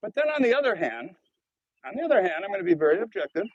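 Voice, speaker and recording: Racing along with big pitch swings, a high, slightly rough male voice comes through lo-fi sound. He's a YouTube live streamer from Chicago with the local accent, rambling casually to viewers and thanking donors.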